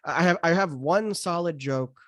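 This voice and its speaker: A man's voice: on the high side, moderate pace, no echo. Thirties American male comic, conversational podcast guest, stops and restarts a lot, dry close sound. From United States. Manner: hesitant, many restarts and fillers. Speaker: stand-up comedian guest.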